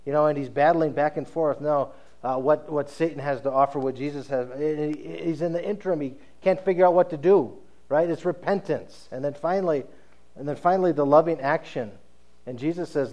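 A man's voice: fairly high pitch, brisk, a little mellow, highs cut off. A man preaching a sermon in a conversational storytelling way, often checking in with his listeners.

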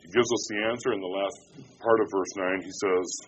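A man with a fairly low voice preaches a sermon, talking with his congregation like in conversation. He swings from hushed, slow lines to loud ones, and it comes through a dull, lo-fi recording with a faint hiss behind it. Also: fairly even intonation. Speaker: pastor.

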